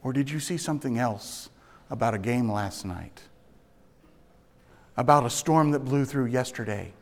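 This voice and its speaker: A man preaching a sermon. He swings from hushed, low phrases to loud, emphatic ones and stretches out key words slowly. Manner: dramatic swings between soft and loud, slow emphatic phrasing. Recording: long reverb of a large hall.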